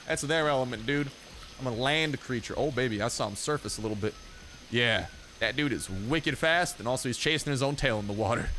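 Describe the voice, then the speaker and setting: Excitable young man gaming commentary. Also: mid-range voice, a little fast, slight background noise. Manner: excitable, jokey, taunts animals in game; casual slang, talks to viewers. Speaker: gaming channel host. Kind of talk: let's play commentary.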